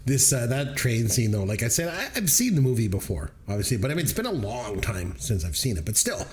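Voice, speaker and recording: A man co-hosting a movie review podcast, telling stories in an animated way and laughing often. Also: medium pitch, brisk. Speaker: podcast co-host. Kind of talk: casual movie review chat.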